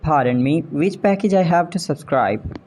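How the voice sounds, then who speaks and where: A man's voice: fairly high pitch, lively intonation, moderate pace, darkish tone, slight background noise, close to an everyday voice. A man voicing a confused young learner. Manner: hesitant, broken phrasing.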